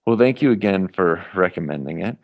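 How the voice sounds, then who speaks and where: A man's voice: low voice, animated, brisk, a little mellow, no echo. A man hosting a podcast, talking casually and loosely with many fillers. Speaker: podcast host. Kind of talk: casual conversation. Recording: dull lo-fi sound.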